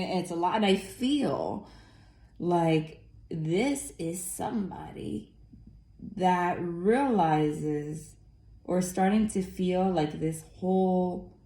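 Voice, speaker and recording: With a voice on the low side and a little mellow, a woman chats her way through an informal tarot reading. She rambles, uses many fillers and swears casually, while the recording carries a roomy echo.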